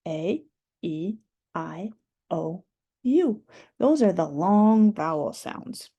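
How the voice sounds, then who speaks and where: A woman's voice: fairly low pitch, animated, drawn-out words, warm tone, breathy edge, lo-fi sound. A woman teaching a phonics lesson to young children, patiently stretching out letter sounds and syllables.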